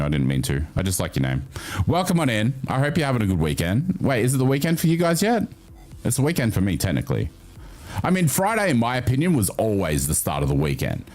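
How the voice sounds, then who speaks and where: A livestream host talks casually with his stream viewers, animated and chatty. He swears freely and his voice jumps up in pitch.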